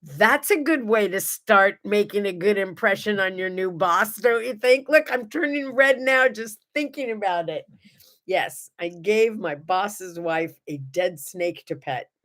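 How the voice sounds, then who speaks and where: A middle-aged woman hosting a morning show, chatting to viewers and telling animated stories. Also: mid-range voice, measured pace. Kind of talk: casual chat and storytelling.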